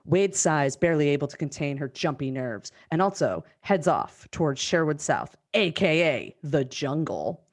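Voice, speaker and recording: A woman hosting a live script reading over a video call, reading the stage directions in a brisk, amused way. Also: low-pitched, animated.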